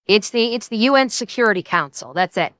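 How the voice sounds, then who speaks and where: A woman streamer reacting live, chatty and excitable, tripping over restarts, on a close mic. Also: mid-range voice, brisk, dry recording.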